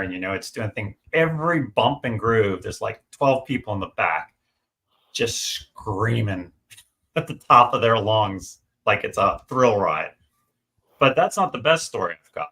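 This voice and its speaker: Gravelly, bright-voiced man telling stories. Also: lowish voice, unhurried. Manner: chatty, animated storyteller, many fillers and restarts. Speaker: guest on a livestream. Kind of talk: casual chat, storytelling.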